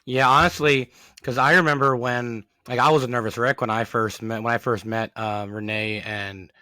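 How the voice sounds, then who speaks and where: Young male podcast host, bright and dry-sounding, eager and stumbling. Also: medium pitch, moderate pace, dry recording. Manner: eager and excitable, stumbling over words. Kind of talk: casual chat.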